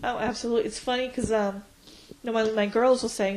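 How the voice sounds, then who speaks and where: A woman in her forties, reflecting on her life in an interview, pausing often with fillers. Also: fairly high pitch, fairly even intonation, background noise. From United States. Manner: reflective, hesitant with frequent fillers. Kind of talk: oral history interview.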